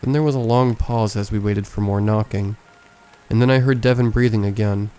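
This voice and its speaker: A man reading a horror story aloud as a scripted narration, in a measured, hushed storytelling manner. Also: lowish voice, steady tone, clear, resonant tone. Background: faint background music.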